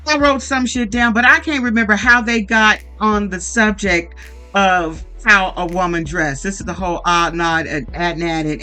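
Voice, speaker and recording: A reality TV recap commentator giving a blunt, profane, animated monologue that acts out quoted lines. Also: medium pitch.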